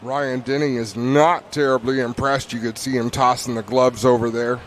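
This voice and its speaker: A man's voice: medium pitch, flat delivery, moderate pace, a little hiss or hum. A man calling a race live at an outdoor speedway, explaining the cars in easygoing, joking banter with his co-host. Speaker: race commentator.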